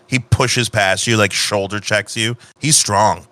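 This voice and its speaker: A man's voice: lowish voice, fairly even intonation, measured pace, bright, forceful tone, no room sound. A man narrating a tabletop game as game master, loose and profane, often restarting sentences.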